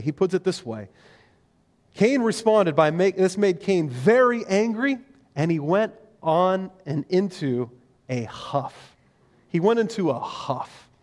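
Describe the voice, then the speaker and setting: A middle-aged male pastor preaching a sermon in a church, animated and sometimes acting out quoted voices. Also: on the high side. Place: church sanctuary. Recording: long reverb of a large hall.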